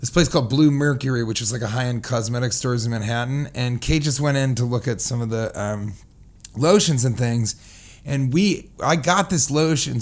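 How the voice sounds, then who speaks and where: A man co-hosting a casual comedy podcast, rambling through a funny story and riffing on words. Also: medium pitch. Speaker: podcast co-host.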